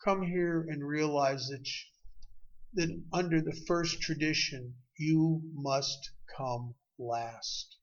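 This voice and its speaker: A man tells his story at a recovery meeting, his voice raw and emotional. He goes from loud and pressing to hushed and broken, and his pitch sits a little high. The recording sounds dull and lo-fi, as if taped in a meeting room. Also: takes it slowly. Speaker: AA speaker.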